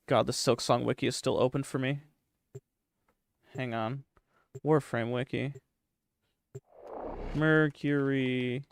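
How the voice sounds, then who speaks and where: A man's voice: medium pitch, steady tone, slow pace, pauses often, clear, resonant tone, dry recording, clean studio sound. A young man streaming a game live, joking and swearing as he chats with his viewers at a desk microphone. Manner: profane, joking, talks to chat. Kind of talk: casual live-stream chat.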